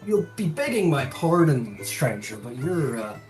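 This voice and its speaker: A man's voice: a little high, big pitch swings, unhurried, darkish tone, reverberant, faint music behind. A man voicing a blunt, nosy young human man who talks in a wary, suspicious way.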